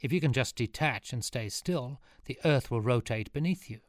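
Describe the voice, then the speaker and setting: A man's voice: medium pitch, moderate pace, no room sound, studio quality, voice pushed up, lightly acted. Stinto, a cocky surfer boy, voiced by a man. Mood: boastful. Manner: boastful, breezy.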